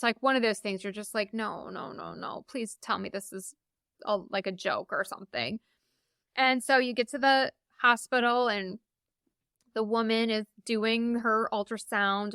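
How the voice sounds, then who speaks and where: A woman in her thirties telling her own birth stories as a podcast guest, animated and acting out the voices of the people she quotes. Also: mid-range voice, clean tone, no room sound, studio quality. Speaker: podcast guest, memoir author. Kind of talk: casual storytelling.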